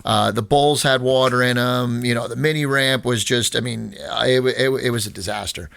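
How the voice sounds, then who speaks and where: A man's voice: mid-range voice, normal speed, gravelly, a bit bright, no room sound. A man telling a long story in casual chat, rambling with many restarts and fillers. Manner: rambling, many restarts and fillers, retells exchanges with quoted dialogue. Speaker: skatepark owner, podcast guest.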